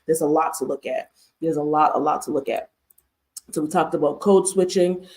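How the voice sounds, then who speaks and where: Deep and darkish, the woman's voice moves at a normal speed as she hosts a livestreamed mental health discussion. An adult American therapist with a master's degree, she speaks with emphasis and keeps returning to rhetorical questions.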